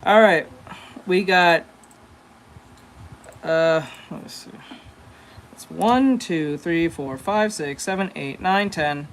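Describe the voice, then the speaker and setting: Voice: medium pitch, slow pace, pauses often, a little hiss or hum. A streamer chatting casually while drawing, blunt and crude and often mumbling to himself.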